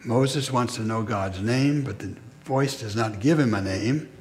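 A man preaching a sermon in a measured, reflective way, pausing between short phrases. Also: mid-range voice, a little mellow.

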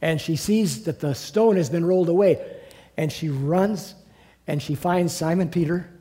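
In a meeting room, a man teaches a Bible class to a small group, reading and retelling scripture as a lively story with chuckles and asides. His voice is fairly high and unhurried.

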